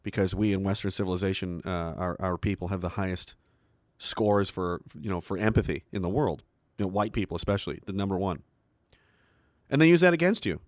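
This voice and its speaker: A man's voice: deep voice, a little fast, dry recording. A middle-aged Canadian man delivering a combative, profane, mocking monologue. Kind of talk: ranting monologue.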